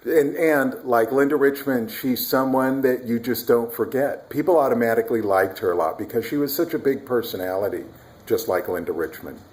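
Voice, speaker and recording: A man's voice: medium pitch, moderate pace, darkish tone. A man casually telling a personal story about his mother-in-law, at times demonstrating sounds and whispering to explain.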